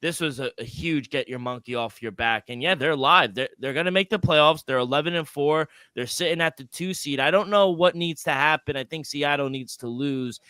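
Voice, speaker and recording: A man co-hosting a sports betting podcast, talking casually and excitably, with loose restarts and the odd swear. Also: fairly high pitch, normal speed, few pauses, clean tone, no echo. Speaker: podcast co-host.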